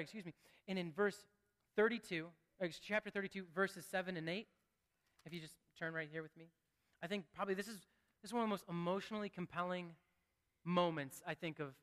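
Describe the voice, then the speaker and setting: A male preacher talking through a sermon in a chatty way, full of restarts and asides. He drops to a hush and then rises with excitement. His high, bright voice rings in a long hall reverb.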